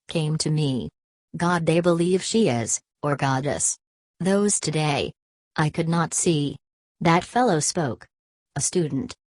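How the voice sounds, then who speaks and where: A woman reading a literary audiobook in a measured, unhurried way. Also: low-pitched, darkish tone, dry recording. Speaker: audiobook narrator.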